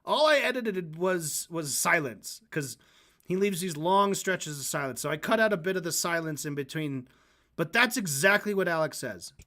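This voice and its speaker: A man's voice: on the high side, lively intonation, normal speed, bright, forceful tone. A man hosting a livestream, reacting to clips with sarcastic, casual commentary. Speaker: livestream host.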